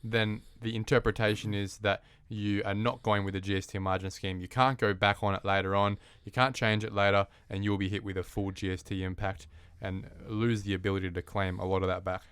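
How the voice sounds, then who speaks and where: Aussie podcast host, lowish voice, talks quick and crisp, dry mic. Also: male voice, level tone, fairly bright tone, no room sound. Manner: brisk, prompting questions. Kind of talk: casual podcast interview.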